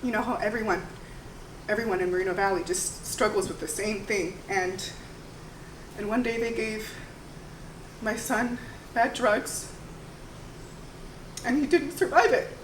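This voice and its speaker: Woman doing a wise older shop lady, gentle nosy questions, echoey stage sound. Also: medium pitch, measured pace, pauses often, noisy background, close to an everyday voice. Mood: grave. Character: wise older female shop owner, intuitive, warm friend. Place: theater stage. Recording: roomy live stage sound from far off.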